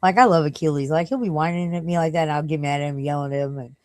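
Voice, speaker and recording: Low-voiced, profane, tired woman streamer. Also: rapid-fire, darkish tone, no room sound, poor audio. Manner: rambling and profane, breaks off to scold and coo at her dog. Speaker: live streamer. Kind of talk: casual late-night live stream chat.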